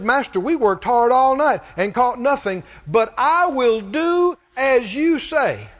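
A man preaching a sermon, repeating phrases and calling for responses from the congregation. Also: very high-pitched. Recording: dull audio in a reverberant hall.

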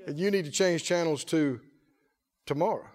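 A male pastor preaching a lively sermon, often laughing and calling out to the congregation. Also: fairly high pitch, moderate pace. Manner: animated, laughing, call-and-response preaching.

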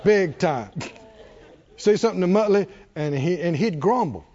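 A man preaching a sermon, animated and joking with the congregation. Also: high voice, normal speed, lo-fi sound. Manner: animated preaching, jokes with congregation, does cartoon voices. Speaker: pastor.

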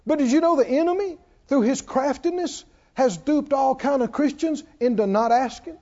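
A man with a very high, darkish-toned voice preaches at normal speed, repeatedly putting questions to his congregation in call-and-response style. The church recording is dull and lo-fi.

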